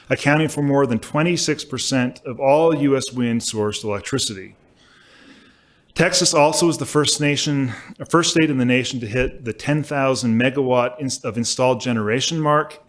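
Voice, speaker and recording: A male law professor delivers a prepared symposium lecture at a podium microphone, measured and emphatic, now and then correcting himself. His pitch is medium.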